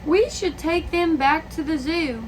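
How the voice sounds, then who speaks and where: A woman's voice: sits high, unhurried, slight background noise. A woman reading a flustered storybook dad. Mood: exasperated.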